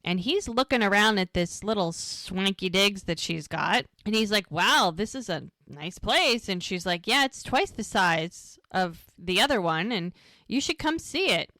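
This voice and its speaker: A woman's voice: medium pitch, expressive, sharp tone, no echo. A woman co-hosting a podcast, recapping a TV episode in a casual, chatty way and quoting the characters' lines as she goes. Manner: retells scenes, acting out the lines in quick quotes. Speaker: podcast co-host.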